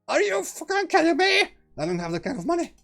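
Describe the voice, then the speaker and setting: Man doing a shrill bratty teen girl. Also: wildly swooping pitch, normal speed, faint music behind, full character voice. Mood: angry shrill. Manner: shrill, snappy, yelling.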